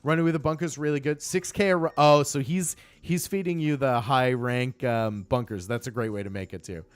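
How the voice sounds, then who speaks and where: A man's voice: medium pitch, fairly quick, no echo. A man chatting casually on a game live stream, upbeat and greeting viewers by name.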